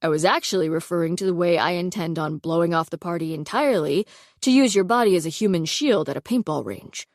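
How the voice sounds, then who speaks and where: A woman's voice: fairly low pitch, brisk, dry recording, close to an everyday voice. Woman voicing a smug teasing teen boy. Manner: dry, mocking banter. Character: teasing teenage boy next door, dry and smug.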